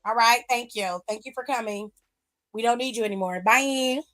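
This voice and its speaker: A woman's voice: on the high side, normal speed, a bit bright, faint music behind. A woman hosting a wrestling aftershow, recapping matches in a blunt, sassy, casual way full of slang.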